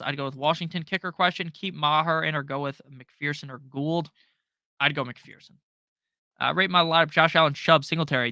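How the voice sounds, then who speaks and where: Bright-voiced young man rapid-firing answers. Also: fairly high pitch, no echo. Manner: fast, profane, joking, reads viewer questions aloud. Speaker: fantasy football livestream host. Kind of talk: rapid-fire live Q&A.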